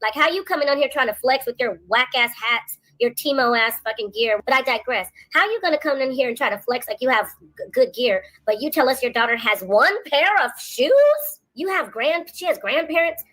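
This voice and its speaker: A woman's voice: sits high, animated, normal speed, few pauses, fairly bright tone, low-quality recording. A woman co-hosting a casual reaction chat, speaking in an indignant, emphatic way. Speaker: co-host.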